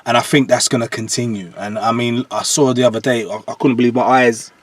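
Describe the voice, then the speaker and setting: A man's voice: mid-range voice, fairly quick, no echo. A man in his forties, a jungle MC guest on a podcast, telling stories animatedly and often checking that the listener follows him. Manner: animated storyteller, keeps checking "do you understand". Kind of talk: podcast interview.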